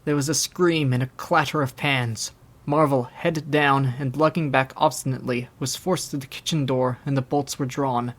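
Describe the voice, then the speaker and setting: A man in his twenties reading a classic novel aloud in steady, measured narration. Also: mid-range voice. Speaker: audiobook narrator. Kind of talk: scripted narration.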